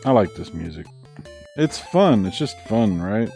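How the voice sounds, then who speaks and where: A man's voice: on the low side, big pitch swings, a little slow, gravelly, warm tone. A middle-aged man streaming a game in casual chat, laid-back and chuckling at himself. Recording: faint game music behind.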